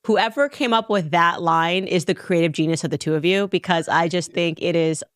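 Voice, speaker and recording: A woman's voice: lowish voice, moderate pace, smooth, dry recording, studio quality. A woman interviewing two guests in a sarcastic, mocking way, laughing often. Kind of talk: casual interview.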